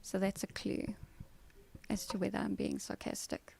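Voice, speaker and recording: A woman's voice: medium pitch, normal speed, gravelly, warm tone, slight background noise. A South African woman chatting casually on a live stream from home, answering viewers by name with dry sarcasm. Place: at home, kids' TV in another room.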